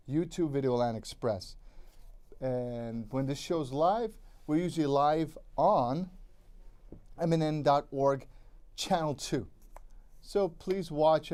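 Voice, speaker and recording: A man talking casually about movies on a public access show. His voice is mellow and a little dark, at an ordinary pitch. He rambles, circles back to the same names and restarts his sentences often. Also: clean tone. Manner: rambling, repeats himself, lots of restarts. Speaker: cable access show co-host.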